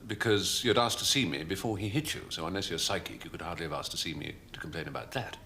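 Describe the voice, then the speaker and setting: An actor playing a prisoner officer posing as the camp commandant, with a dry, arch, clipped manner. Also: male voice, low voice, fast, pushed and bright, echoey room, slight background noise. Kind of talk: 1990s TV comedy film.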